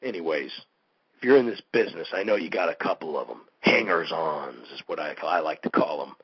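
A man hosting a show, a pro wrestler ranting in a heated, animated monologue full of "you know" and "man.". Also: a bass voice, brisk, creaky, breathy edge, no echo, dull audio. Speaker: podcast host, pro wrestler.

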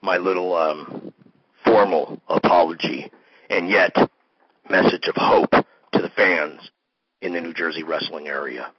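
Husky man ranting grandly on air. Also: deep voice, fairly even intonation, measured pace. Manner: bombastic, then mumbling. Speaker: host. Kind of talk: mock-grandiose comedic monologue. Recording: dull lo-fi recording.

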